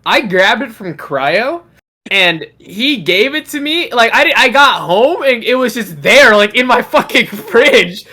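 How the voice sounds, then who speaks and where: A man's voice: high voice, animated, normal speed, pushed and bright. A young man co-hosting a podcast, telling a story in casual chat with constant swearing. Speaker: podcast co-host.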